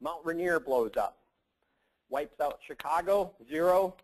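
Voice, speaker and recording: A man's voice: fairly high pitch, a little slow, poor audio. A man giving a casual, joking conference talk, rambling with lots of fillers and asides. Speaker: conference presenter.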